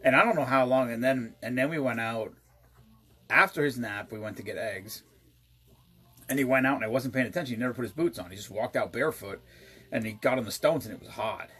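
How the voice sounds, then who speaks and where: A man co-hosting a casual chat, telling rambling family stories with deadpan jokes. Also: mid-range voice, brisk, slightly rough. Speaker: podcast co-host.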